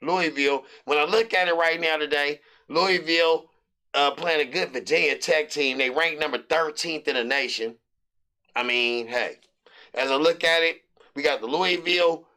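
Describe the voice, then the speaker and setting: A middle-aged American man hosting a sports betting show, rambling loosely through his picks with hype and shout-outs. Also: a little high, normal speed. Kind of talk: casual sports picks monologue.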